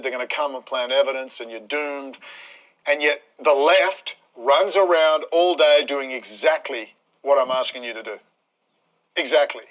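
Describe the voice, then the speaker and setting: A man's voice: mid-range voice, fairly even intonation, normal speed, fairly bright tone, low-quality recording. A man, ranting bluntly and combatively on a live stream, swearing freely.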